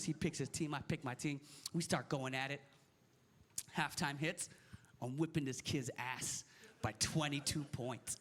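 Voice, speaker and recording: A man in his thirties doing a stand-up set, ranting in an animated and incredulous way into a handheld stage mic. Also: on the high side, moderate pace. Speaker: stand-up comedian. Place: comedy stage.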